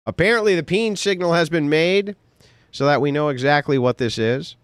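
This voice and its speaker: A man's voice: on the high side, expressive, unhurried, clean tone, no room sound. A young man hosting a livestream, casually reacting to a clip, laughing a lot and swearing. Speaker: livestream host.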